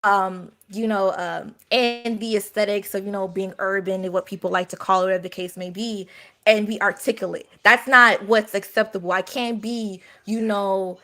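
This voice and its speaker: A woman speaking earnestly in a casual group conversation, halting with many fillers. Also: mid-range voice, steady tone, bright, forceful tone. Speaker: guest.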